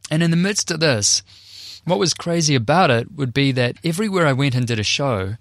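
A young man, a Christian speaker and performer, earnestly shares a personal testimony in a conversational, emotional retelling. His voice is fairly high, expressive, and brisk, with no room sound.

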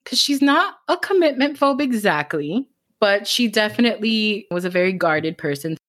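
A woman from Miami with a Miami accent, an author chatting in an interview, talking fast and laughing often. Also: mid-range voice, expressive. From Miami, Florida. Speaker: author guest. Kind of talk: casual interview chat.

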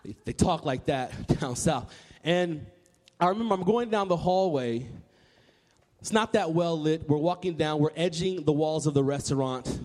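A man in his thirties from Tennessee, telling an animated personal story to a live audience, often repeating words and acting out voices. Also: a little high, moderate pace, in a large hall. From Nashville, Tennessee, US. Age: 30s. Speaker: public speaker.

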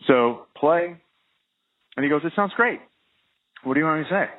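In a narrow-band, phone-like recording, the trumpet player now sounds fairly high-pitched, with lively intonation and a moderate pace. The adult professional musician, well beyond his early twenties, chats through the interview, rambling with plenty of fillers and false starts.

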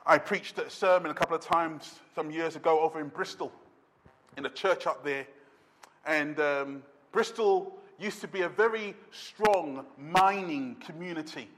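A man preaching a sermon as pastor, emphatic, slowing down to stress words and dropping to a quiet intensity. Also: a little high.

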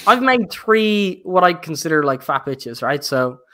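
His high, sing-song voice is unhurried and a bit bright, with a non-standard accent viewers noticed. He's an investor guesting on a podcast, talking casually and ramblingly with many fillers and restarts.

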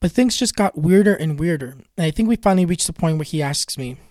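A man with a fairly high voice tells a personal eerie story in a casual, earnest way. He repeats himself to build suspense and keeps retelling what was said. The sound is dry and close. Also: expressive, fast talker, a little mellow, no echo. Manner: earnest, retells dialogue with many "he goes" quotes. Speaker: spiritual storyteller and tarot reader.

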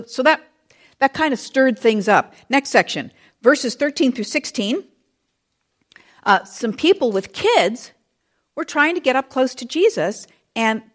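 A middle-aged woman delivers a sermon in a storytelling way, her pitch rising and falling with lively range. She acts out the people in the story and talks straight to the children. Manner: animated storytelling, acting out quoted voices; speaks to children in the audience. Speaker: preacher.

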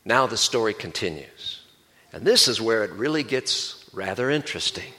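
A male pastor giving a sermon, explaining a Bible passage in a measured, teaching manner. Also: on the low side, lively intonation, sharp tone.

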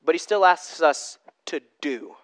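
A man preaching a teaching sermon, talking straight to his listeners, moving from loud stressed words to hushed asides. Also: on the high side, measured pace. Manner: conversational, addresses listeners directly. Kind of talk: sermon teaching from note sheet.

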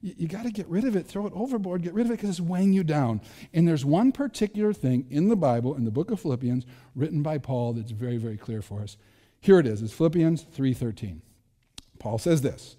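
Casual, mellow-voiced male pastor preaching. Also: on the high side, animated, fairly quick, big-room sound. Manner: conversational, self-deprecating, frequent restarts. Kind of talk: sermon.

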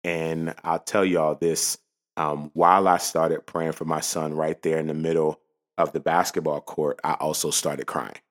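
A man's voice: rumbling low, level tone, unhurried. A man in his thirties hosting a podcast, telling a personal story in an earnest, folksy way with many fillers and restarts. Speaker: podcast host. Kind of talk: casual spoken storytelling.

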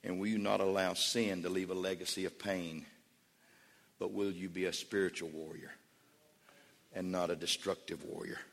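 Man pastor, sermon, emphatic and repetitive, bright gravelly voice, long church reverb. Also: low-pitched, level tone, normal speed, pauses often. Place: church sanctuary.

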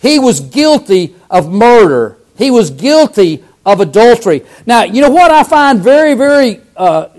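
A man preaching a sermon, fervent, swinging from loud cries to hushed lines. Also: very high-pitched, sing-song, unhurried, hardly any pauses.

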